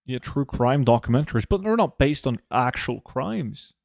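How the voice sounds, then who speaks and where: A man's voice: medium pitch, big pitch swings, normal speed, creaky, a little mellow, dry recording, clean studio sound. A young man from Norway chatting casually with friends while gaming, joking and swearing as he rambles. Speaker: streamer.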